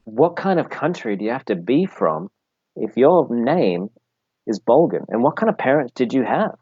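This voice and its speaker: A man's voice: medium pitch, very animated, normal speed, darkish tone, husky, no echo, muffled recording. A young Australian man chatting as a guest, teasing and joking with his hosts. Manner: playful, teasing. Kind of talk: casual chat.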